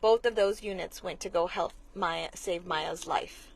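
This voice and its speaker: A woman's voice: on the low side, unhurried, gravelly, husky. Earnest woman explaining a cause. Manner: earnest, explanatory, many restarts. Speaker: blood center marketing manager, guest. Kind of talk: conversational interview.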